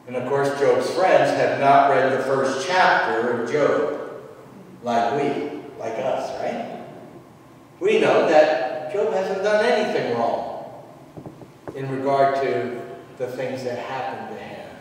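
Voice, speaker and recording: A man preaching a sermon as pastor, emphatic and dramatic, with sudden loud outbursts. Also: mid-range voice, big pitch swings, slow, slight background noise. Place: church sanctuary. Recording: echoey church hall from far off.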